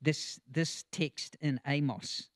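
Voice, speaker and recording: A male preacher gives a conversational sermon, slipping into chatty asides with chuckles and plenty of ums. His voice sits a little high for a man. The sound is dry and close. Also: steady tone, takes it slowly, no echo.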